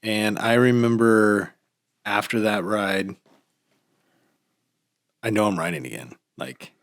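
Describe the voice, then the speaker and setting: A man with a fairly low voice tells a story in a relaxed, casual way. He acts out what people said as he goes. The sound is close and dry, with little room behind it. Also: slow pace, dry recording. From United States. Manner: animated storytelling, acts out quotes. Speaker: podcast host. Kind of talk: casual chat.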